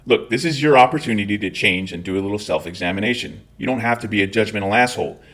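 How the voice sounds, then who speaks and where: A military veteran from Scotland hosting a scripted commentary rant, blunt, profane and lecturing in tone. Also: male voice, lowish voice, fast, fairly bright tone.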